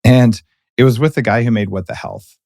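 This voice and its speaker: Brief: blunt, opinionated male host, mid-pitched, very dry close studio sound. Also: brisk, gravelly, a little mellow, dry recording. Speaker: podcast host. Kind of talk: casual interview conversation.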